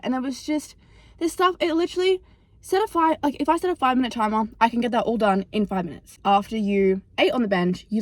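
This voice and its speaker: A woman's voice: fairly high pitch, no room sound. A young woman talks casually to camera in a vlog, rambling along with lots of "like" fillers. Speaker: vlogger.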